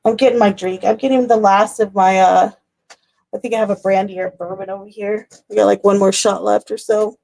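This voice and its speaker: A woman's voice: medium pitch, steady tone, a little fast, vocal fry, warm tone. A woman reading tarot on a casual livestream, chatty and rambling, who laughs often and swears casually. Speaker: tarot reader.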